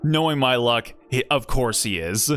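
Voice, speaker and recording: Lively, self-mocking male streamer. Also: mid-range voice, unhurried, faint music behind. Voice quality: rambling, self-mocking asides. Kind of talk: casual game-stream commentary.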